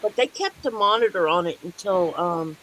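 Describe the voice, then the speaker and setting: A woman's voice: fairly low pitch, lively intonation, normal speed, fairly bright tone, slight background noise, low-quality recording. A middle-aged woman telling stories in a casual chat with friends, emphatic and talkative. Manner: chatty storyteller, emphatic. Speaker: co-host.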